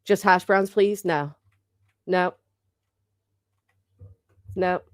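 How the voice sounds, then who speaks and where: A woman's voice: on the low side, drawn-out words, no room sound, studio quality. A woman in her thirties hosting a livestream, bantering casually with her chat in a brash, teasing way and swearing freely. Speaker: livestream host.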